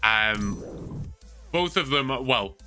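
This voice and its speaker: A man's voice: lowish voice, animated, very slow, bright, forceful tone, soft background music. A young man with a Geordie accent, chatting casually to his livestream viewers and rambling through stories with lots of fillers. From Newcastle, England. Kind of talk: casual chat to stream viewers.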